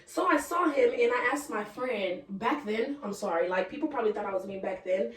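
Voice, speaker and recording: A woman's voice: on the high side, expressive, brisk, distant mic. A young woman telling a casual storytime to her viewers, frank and chatty, swearing freely and talking straight to the audience. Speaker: vlogger. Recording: roomy sound from the mic.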